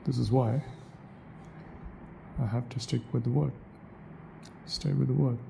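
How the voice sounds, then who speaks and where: A man's voice: mid-range voice, fairly even intonation, unhurried, gravelly, noisy background. A man rambling in a solo vlog monologue, asking himself questions and correcting his own word choices. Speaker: vlogger.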